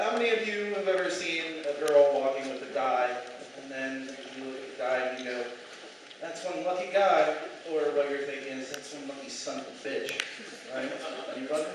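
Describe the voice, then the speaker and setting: Young man doing profane stand-up. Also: on the high side. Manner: animated, profane, acts out quoted dialogue. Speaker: stand-up comedian. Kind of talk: stand-up set. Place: small comedy club stage. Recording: echoey, distant, noisy club recording.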